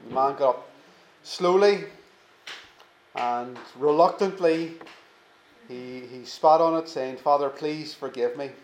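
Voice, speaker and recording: A man preaching a sermon, earnest and emphatic, slowing down to stress key words. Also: on the high side, darkish tone, reverberant, low-quality recording. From England.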